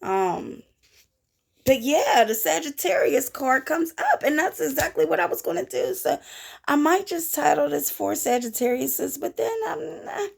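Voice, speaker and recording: This is a woman talking casually through a tarot reading, her pitch swooping all over as she plays with little sung sound effects. Her slightly high voice carries a gravelly fry, and she keeps tossing folksy asides to the viewer. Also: big pitch swings, measured pace. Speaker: tarot reader.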